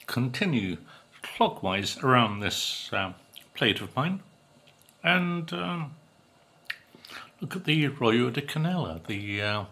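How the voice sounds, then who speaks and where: A British man chats through a cake tasting in a slow, musing way. His voice is gravelly and slightly husky, with an animated, sing-song pitch. He pauses often to hum with pleasure as he eats. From Britain. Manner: slow, musing, savoring with hums between bites. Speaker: food vlogger. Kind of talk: casual food tasting vlog.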